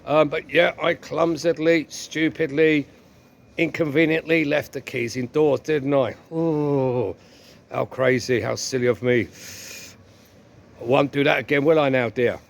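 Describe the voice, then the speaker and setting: A man's voice: a little high, fairly even intonation, unhurried, gravelly. A man playing a clumsy, jinxed husband who sheepishly admits his mistakes. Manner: sheepish, self-mocking.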